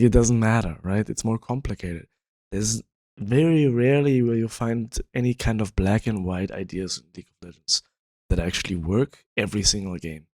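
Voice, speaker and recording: A man with a fairly low voice talks casually to the camera, rambling and leaning on fillers. His voice sounds worn and tired, and the recording is close and dry with no room echo. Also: a little mellow. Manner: rambling, frequent "you know" fillers. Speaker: video host. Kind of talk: casual explanatory talk.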